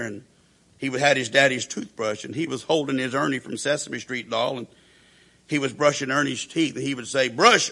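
Man, preacher, sermon, storytelling, acts out quotes, husky, tense tone. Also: mid-range voice, bright, forceful tone.

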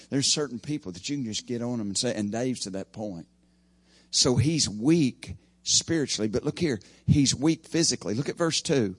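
A man preaching an evening sermon, his voice swinging from loud emphasis to hushed asides. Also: mid-range voice, animated, normal speed, husky, no room sound.

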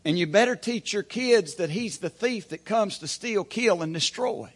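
A man's voice: sits high, expressive, moderate pace, hardly any pauses. A man preaching a sermon from the pulpit as pastor, folksy and plain-spoken, asking the congregation rhetorical questions. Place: church pulpit.

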